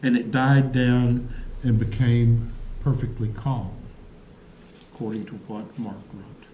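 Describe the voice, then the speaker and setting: A man preaching a sermon in a church, telling stories earnestly with dramatic pauses. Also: mid-range voice, steady tone, mellow, echoey room, dull audio, a little hiss or hum. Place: church sanctuary.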